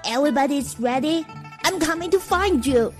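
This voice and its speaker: A shrill little boy. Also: moderate pace, over music. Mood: playful. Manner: shrill, excited. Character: excited young boy at play.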